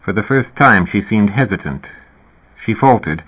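Male narrator, low voice, slow reading, narrow-band radio sound. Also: lively intonation, slightly rough. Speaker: audiobook narrator. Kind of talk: scripted narration.

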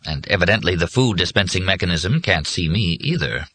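A man voicing a calm, reassuring godlike being that has taken human form, in an audiobook reading. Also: sits low, a little fast, breathy edge, dry recording, exaggerated voice.

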